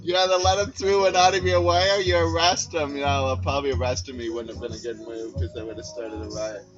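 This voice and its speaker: A man's voice: medium pitch, fairly even intonation, quick pace. A man hosting a casual chat, rambling through stories, swearing freely and ending his sentences with "eh". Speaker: host. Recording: dull lo-fi sound with loud music. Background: music playing.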